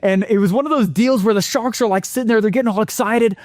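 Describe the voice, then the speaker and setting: Upbeat guy teaching marketing, a bit higher voice, dry close sound, lots of excited asides. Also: fast talker, no room sound. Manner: energetic, animated storytelling with exclamations. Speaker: affiliate marketing presenter. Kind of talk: presentation lesson.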